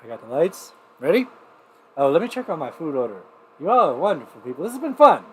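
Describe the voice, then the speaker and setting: A man hosting a livestream showcase, telling a rambling, profane story in casual chat and swinging between loud outbursts and muttered asides. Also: a little high, very animated, fast talker, slight background noise. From New Mexico. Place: home.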